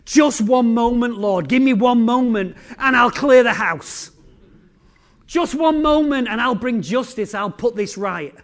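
A man's voice: very high-pitched, animated, unhurried, voice pushed up. A man playing an urgent, fierce archangel. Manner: urgent, pleading, loud. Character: fierce male archangel eager to strike.

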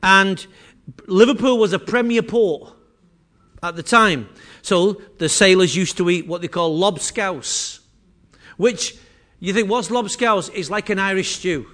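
Mancunian man with a high voice, talking to a small room, casual and teasing. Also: takes it slowly, a bit bright. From Manchester, England. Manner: chatty, teasing, addresses audience directly. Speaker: presenter. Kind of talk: jokey live presentation to a room. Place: meeting room with small audience.

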